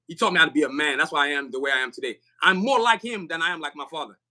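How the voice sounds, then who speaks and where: A man, a podcast guest talking in an animated, emphatic way, often repeating himself and laughing. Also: a little high, racing. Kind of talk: casual podcast conversation.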